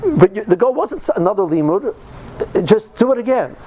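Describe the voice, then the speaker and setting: A man's voice: high voice, sing-song, normal speed, noisy background. A man in his fifties telling stories in a casual talk, earnest and driving his points home by repeating phrases. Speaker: speaker recounting yeshiva study.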